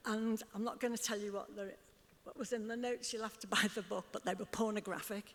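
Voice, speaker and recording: A fairly quick, steady, slightly bright mid-range voice belongs to an older woman from Liverpool, England, who is telling stories as an interview guest on a club stage. Laughing often, she acts out other people's remarks for the audience, with long hall reverb in the recording.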